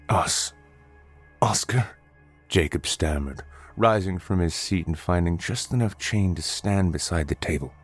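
A man narrating a scripted horror story in a measured, dramatic storytelling manner. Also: low voice.

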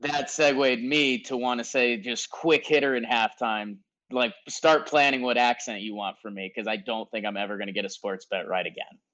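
A man's voice: medium pitch, fairly even intonation, moderate pace, hardly any pauses, a bit bright, low-quality recording. A man co-hosting a casual podcast over a remote call from home, chatty and rambling. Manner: chatty, rambling, says dude a lot. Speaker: podcast co-host. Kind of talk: casual remote sports chat. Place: home in Denver.

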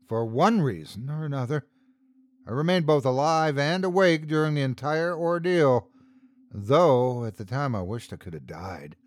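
Male horror podcast narrator, animated dramatic delivery, dry close mic. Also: medium pitch, no echo. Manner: first-person, dramatic storytelling. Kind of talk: scripted horror story narration.

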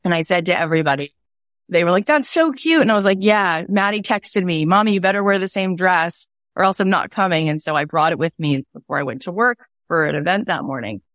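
A woman in her thirties speaks earnestly and with animation, repeating her points for emphasis as she gives a motivational podcast talk. Her voice sits on the low side. The sound is dry and close, with no room echo. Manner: earnest, animated, talks in quick bursts with emphatic repetition. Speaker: podcast host.

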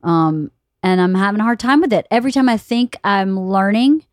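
A woman's voice: medium pitch, normal speed, no echo, clean studio sound. Chatty woman in her fifties hosting. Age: 50s. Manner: animated storyteller, laughs often, quotes others. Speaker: podcast host. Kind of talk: casual chat.

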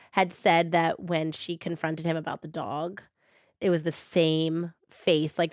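Woman, podcast host, low pitch, dry sound, animated casual storytelling. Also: vocal fry, no echo. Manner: animated, paraphrases quotes in quick bursts. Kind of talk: casual true-crime storytelling.

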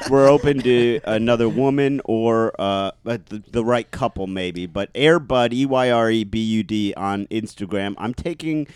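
A man's voice: medium pitch, unhurried, few pauses, a little mellow, clear, resonant tone, no room sound. A man co-hosting a casual podcast chat, rambling and hesitant, with many fillers. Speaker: podcast co-host.

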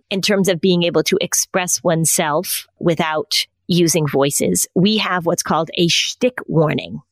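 A woman's voice: lowish voice, dry recording. A woman in her fifties co-hosting a podcast, who talks thoughtfully and keeps asking her guest questions. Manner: inquisitive, thoughtful, asks follow-up questions. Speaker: podcast co-host. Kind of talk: casual conversation.

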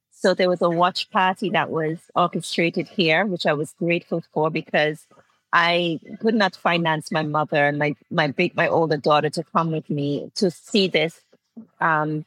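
A woman in her forties with an Antiguan accent tells her story as an interview guest, heartfelt and laughing often. Her voice is lowish and a bit bright, captured in a rough recording with no room sound.

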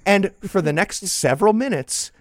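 A man's voice: high voice, lively intonation, normal speed, no echo, studio quality. A man co-hosting a comedy news podcast, reading quotes aloud with sarcastic comic emphasis. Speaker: podcast co-host. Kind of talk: casual comedic news chat.

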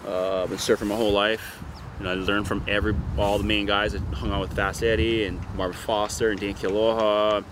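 A man's voice: on the low side, a little fast, background noise. A man from Hawaii's North Shore, telling a surf story in a casual interview, rambling and full of swearing. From North Shore of Oahu, Hawaii. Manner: profane, rambling, animated retelling. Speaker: interviewee, surfer.

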